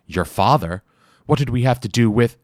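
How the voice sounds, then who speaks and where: A man's voice: lowish voice, animated, moderate pace, no echo, clean studio sound, voice pushed up, natural voice. A man voicing an indignant, scheming male boss who talks in a demanding, blustering, pompous way.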